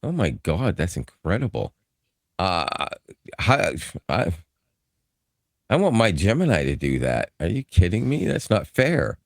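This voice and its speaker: An excitable male podcast co-host chatting casually and laughing easily. His pitch moves a lot as he talks. The sound is dry, with no room echo. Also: a little slow, creaky. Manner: excitable, laughs often, repeats words. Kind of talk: casual chat.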